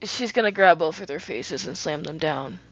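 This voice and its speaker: A woman playing a tabletop game who talks excitably and laughs often. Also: low-pitched, normal speed, breathy edge, low-quality recording. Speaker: player. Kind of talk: casual tabletop play.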